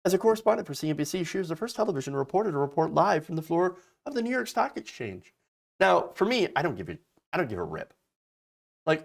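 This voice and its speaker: A man's voice: on the high side, very animated, fast talker, vocal fry. A man hosting casual political commentary, sarcastic and mocking, slipping into exaggerated voices to ridicule people.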